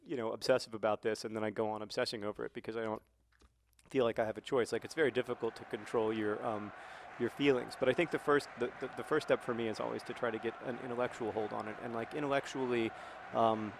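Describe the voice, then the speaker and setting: A man's voice: medium pitch, steady tone, fast talker, creaky, a little hiss or hum. A man hosting a casual chat over a football video game, thoughtful and rambling with many fillers and restarts. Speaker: host.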